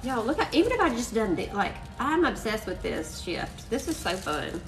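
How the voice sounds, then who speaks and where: A woman's voice: fairly high pitch, very animated, normal speed, recorded from a distance, low-quality recording. A woman hosting a chatty live-stream crafting demo, bubbly and full of "y'all". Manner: bubbly, says "y'all" and "freaking" a lot. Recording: voice a bit off-mic, faint music behind.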